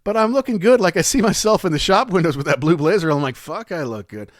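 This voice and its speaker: A man's voice: high-pitched, expressive, fast, no room sound, pitched above the performer's own voice. A wry older musician chuckles his way through boyhood stories, mocking himself as he goes, voiced by a man. The tone is casual and amused. It is recorded dry and close. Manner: amused, self-mocking storytelling.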